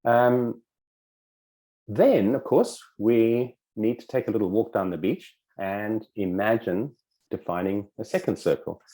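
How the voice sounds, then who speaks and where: A man with a low, mellow voice teaches in a relaxed, conversational way. He acts out small dialogues in shifting voices and swears casually now and then. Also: measured pace. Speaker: self-help coach.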